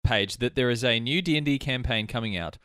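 A man hosting a casual podcast, sardonic and fond of dark jokes. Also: medium pitch, brisk, clean tone, no echo, studio quality. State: recovering from illness. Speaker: podcast host. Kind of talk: casual chat.

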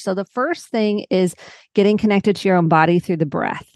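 A woman psychotherapist, a guest on a podcast, explaining her work in a lively way and acting out her clients' voices. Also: mid-range voice, moderate pace, no echo. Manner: animated, acts out clients' voices. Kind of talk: conversational podcast interview.

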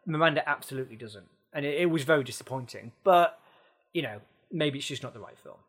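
Male co-host, a touch high-pitched, thoughtful and halting critic. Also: animated, fairly bright tone. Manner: thoughtful, hesitant, full of ums and restarts. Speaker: podcast co-host and film critic. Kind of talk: casual film chat.

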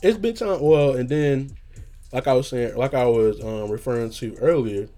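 A man hosting his own show, telling a rambling casual story with a just-woken hoarse voice and a habit of saying "you know what I'm saying". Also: medium pitch, moderate pace, warm tone, soft background music. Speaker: podcast host.

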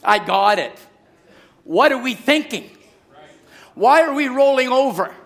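A middle-aged pastor preaching a sermon, moving from quiet storytelling to shouted exhortation. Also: male voice, very high-pitched, very animated, slow, vocal fry.

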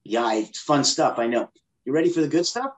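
A man's voice: mid-range voice, big pitch swings, fairly quick. A man as a guest on a podcast interview, explaining with energy and acting out inner voices. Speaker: guest expert.

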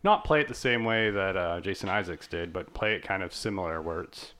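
A man talking in a relaxed, rambling way in a casual chat. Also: deep voice, fairly quick.

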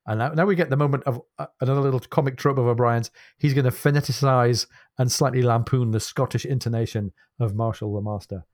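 A man's voice: medium pitch, brisk, no echo, studio quality. A man co-hosting a book podcast, reading passages aloud expressively and laughing easily. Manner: animated, reads quotes expressively, laughs easily. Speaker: podcast co-host.

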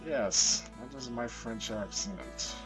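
A man's voice: fairly low pitch, slow, a bit bright, faint music behind. A man giving a rambling, self-mocking recorded comment and giggling between thoughts. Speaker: listener sending a recorded comment.

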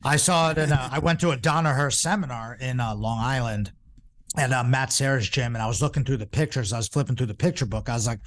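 A man's voice: medium pitch, quick pace. Man, 40s, podcast guest, casual storytelling, rambling, filler words. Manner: rambling, many fillers and restarts. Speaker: podcast guest, jiu-jitsu instructor.

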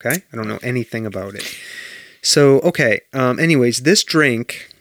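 A man's voice: medium pitch, lively intonation, normal speed, fairly bright tone, no room sound, studio quality. A man co-hosting a podcast in casual chat, rambling and swearing freely as he tells stories. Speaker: podcast co-host.

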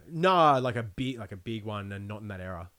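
A young man talks as a podcast guest, his pitch swinging widely as he rambles between thoughts. He laughs often and swears casually. The sound is close and dry. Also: expressive, moderate pace, a bit bright, no room sound. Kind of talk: casual interview chat.

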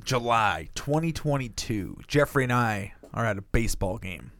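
A man co-hosting a podcast, telling a profane, animated story with frequent laughter. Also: medium pitch, moderate pace, no echo. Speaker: podcast co-host. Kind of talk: casual storytelling.

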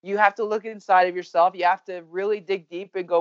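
Blunt, energetic woman in her thirties. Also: mid-range voice, brisk, dry recording, lo-fi sound. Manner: energetic, blunt, swears casually. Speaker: guest, baseball coach. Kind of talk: candid podcast conversation.

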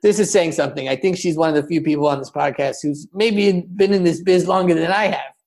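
A man hosting a comedy roast podcast, mocking guests with big swings between loud jabs and muttered asides. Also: on the high side, brisk.

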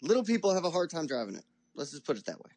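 Blunt contrarian podcast co-host, a man with a high, lively voice. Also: very fast, husky, no room sound. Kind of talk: casual chat.

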